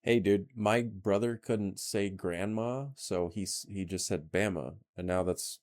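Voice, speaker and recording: A man's voice: fairly low pitch, measured pace, darkish tone. A man co-hosting a podcast, laid back and swearing casually while discussing a horror film. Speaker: podcast co-host. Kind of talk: casual movie recap chat.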